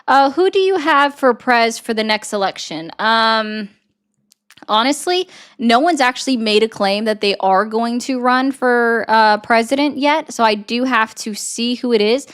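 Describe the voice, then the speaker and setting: A woman's voice: a little high, expressive, unhurried, a bit bright, smooth. A woman hosting a political livestream, sarcastically answering viewer comments in a casual chatty way.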